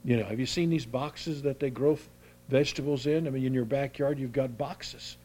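An older pastor delivering a sermon in a folksy, conversational way. He stumbles and restarts often, and his voice sits at a middling pitch. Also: steady tone, warm tone. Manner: folksy, halting, with many restarts.

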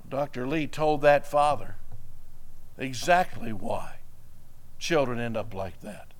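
A man's voice: medium pitch, lively intonation, slow. A man preaching a sermon, telling a story and building to emphatic exhortation. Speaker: pastor.

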